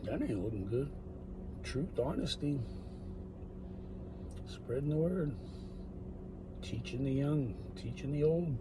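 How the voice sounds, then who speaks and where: A man talking in a rambling monologue, drifting between loud bursts and muttered, whispered asides. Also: mid-range voice, expressive, slow, long pauses, noisy background. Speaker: solo talker.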